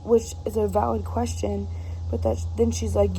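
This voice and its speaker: A woman's voice: mid-range voice, little pitch movement, normal speed, creaky, mellow, slight background noise, rough recording. A woman chatting casually about a book she's reading, rambling and exasperated, with lots of filler words. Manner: exasperated, rambling, heavy use of filler 'like'. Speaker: book reviewer.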